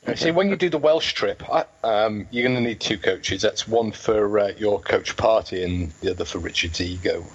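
A man's voice: lowish voice, normal speed, hardly any pauses, husky, highs cut off. A man from near Liverpool with an English accent, co-hosting a radio show and joking and teasing. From England, near Liverpool. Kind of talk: casual radio banter.

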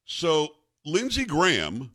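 A man's voice: a little high, huge pitch swings, takes it slowly, bright, forceful tone, no echo, clean studio sound. A man hosting a radio talk show, opinionated and teasing in a sarcastic way.

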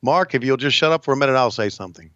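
Halting man with a dull lo-fi sound. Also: mid-range voice, animated, bright, forceful tone, no room sound. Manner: halting, many fillers and restarts. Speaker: podcast host, wrestling announcer. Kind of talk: casual chat.

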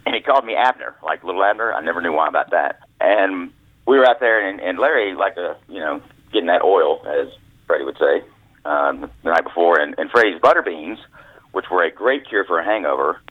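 A deep-voiced man with a drawl spins folksy stories about his caddie days, and his pitch swings freely as he talks. He comes through a thin, tinny phone line with no room sound. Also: lively intonation, a little fast, no echo. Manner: folksy storyteller, acts out quoted voices. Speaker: author guest. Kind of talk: storytelling interview. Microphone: phone call.

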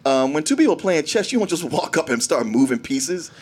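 A man's voice: on the high side, very animated, a little fast. A man co-hosting a casual movie review chat, wry and agreeable.

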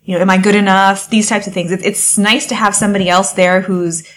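A young woman guest on a podcast, chatting and telling her story in an animated way, acting out past conversations. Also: mid-range voice, a little fast. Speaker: podcast guest, wedding photographer. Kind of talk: casual interview chat.

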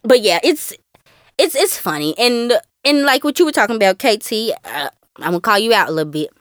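A woman co-hosting a casual podcast, talking with animated ups and downs and mimicking other people. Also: fairly high pitch, a little fast, dry recording, studio quality. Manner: animated, mimics voices with laughs. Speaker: podcast co-host.

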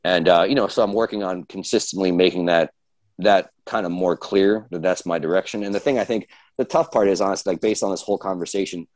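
A man with a low voice talks quickly and candidly as a coach guest on a podcast. He rambles, swears casually and laughs at himself. The sound is dry and close. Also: a little mellow, dry recording, low-quality recording. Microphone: video call.

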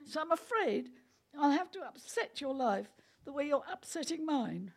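Woman doing a cool teasing young woman in a story reading, slightly gravelly. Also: high voice, very animated, moderate pace, pitched above the performer's own voice, heavily acted.

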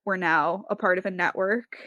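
A woman's voice: on the low side, fairly even intonation, moderate pace, bright, forceful tone, no echo, lo-fi sound. A young woman from Canada co-hosting a podcast, chatting casually with lots of "like" fillers and frequent laughs. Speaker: podcast co-host. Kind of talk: casual chat.

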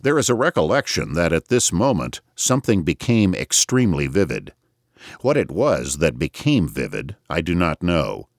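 A man narrating a novel in the first person, reading in a measured, expressive way. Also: low-pitched, no echo, clean studio sound. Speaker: audiobook narrator.

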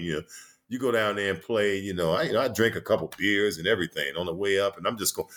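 A man's voice: low voice, a bit bright. A man in his sixties, a former basketball player and coach, telling long rambling stories in a casual interview, full of "you know" fillers.

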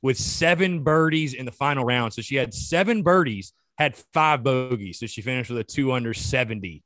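A man, hosting a podcast in a relaxed, casual chat and often repeating his words. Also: mid-range voice, normal speed, dry recording. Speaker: podcast host.

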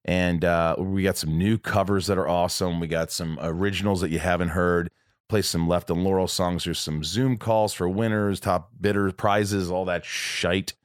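A man with a very low voice hosts his podcast from home, chatting loosely and circling back on himself as he corrects and restarts his sentences. The sound is close and dry, with no room echo. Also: fairly even intonation, moderate pace. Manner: rambling, lots of restarts and self-corrections. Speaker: podcast host. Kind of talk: casual podcast chat.

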